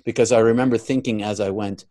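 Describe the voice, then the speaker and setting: With fairly even intonation and a fast delivery, a man on as a guest tells a personal tale earnestly. His voice swells at the climactic parts and falls quiet near the finish.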